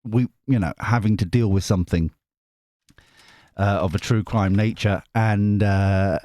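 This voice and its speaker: A man's voice: on the low side, fairly even intonation, unhurried, mellow, dry recording. A man hosting a tarot channel, chatting casually to camera in a rambling, jokey way that keeps interrupting itself. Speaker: tarot reader and channel host.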